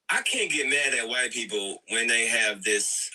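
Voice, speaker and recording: Husky bright-voiced man lecturing earnestly. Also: mid-range voice, animated, normal speed, low-quality recording. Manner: earnest, lecturing, repeats himself. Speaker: co-host. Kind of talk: casual reaction commentary.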